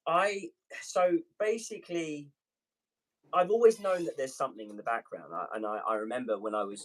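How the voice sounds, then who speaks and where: A man's voice: medium pitch, poor audio. A British man, a guest on a casual livestream, telling his story in an earnest, winding way. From Britain. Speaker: guest, airline pilot.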